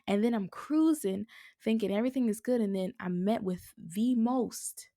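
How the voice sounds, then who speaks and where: A woman's voice: medium pitch, normal speed, warm tone, no echo. A woman hosting a podcast, talking in a heartfelt, faith-based monologue, earnest and encouraging and close to tears. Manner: earnest and encouraging, speaks of prayer with feeling. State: emotional, near tears. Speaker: podcast host.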